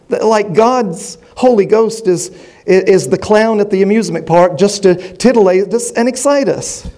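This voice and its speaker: A middle-aged man preaching with a high voice. He drives his points home by repeating phrases, and he stumbles and restarts as he builds. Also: a little mellow. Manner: emphatic, repetitive, with frequent restarts. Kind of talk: sermon.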